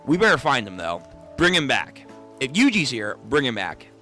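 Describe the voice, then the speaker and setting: A man giving casual reaction commentary on a manga read-through, animated and exclaiming in disbelief, with frequent swearing. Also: medium pitch, normal speed, faint music behind.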